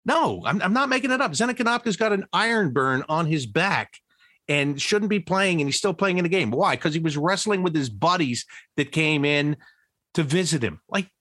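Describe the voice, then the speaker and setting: A middle-aged man, a former broadcaster, telling stories in a casual interview, with many restarts and pitch that jumps up when he gets excited. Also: moderate pace, no room sound, clean studio sound.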